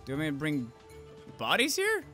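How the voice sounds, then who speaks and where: Excitable high-voiced man swearing at a game. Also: fairly quick. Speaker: gaming channel host. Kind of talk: let's play commentary. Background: game music.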